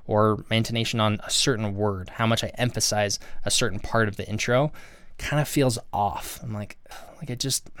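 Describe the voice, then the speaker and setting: A man's voice: lowish voice, fairly bright tone, dry recording. A man hosting his own channel, giving earnest, conversational advice to the camera and often restarting his sentences. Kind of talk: casual talk-to-camera advice.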